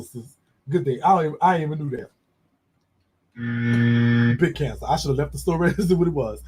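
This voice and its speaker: A man hosting a casual livestream gossip show, animated and camp, chatting directly to his viewers. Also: a little high, moderate pace, long pauses, slight background noise. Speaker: show host.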